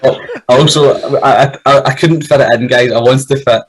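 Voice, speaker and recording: A man's voice: medium pitch, fairly even intonation, normal speed, poor audio. A man, co-hosting a podcast in casual, sweary, jokey banter. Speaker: podcast co-host. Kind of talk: casual chat.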